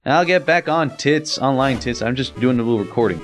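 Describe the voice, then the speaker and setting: A man's voice: medium pitch, animated, brisk, hardly any pauses, poor audio. Young man in a profane let's play. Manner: loose, profane, laughing asides. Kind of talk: casual gameplay commentary. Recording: game music under the voice.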